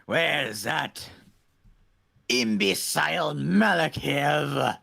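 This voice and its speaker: A man's voice: on the high side, lively intonation, drawn-out words, creaky, sharp tone, full character voice. A man voicing a haughty male zealot warrior in a commanding, indignant tone. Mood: imperious.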